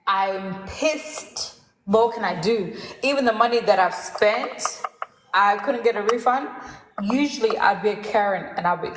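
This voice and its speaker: Woman host, lively self-mocking storyteller, roomy echo. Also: mid-range voice, background noise. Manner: animated, laughs at herself, acts out quoted voices. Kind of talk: casual storytelling chat.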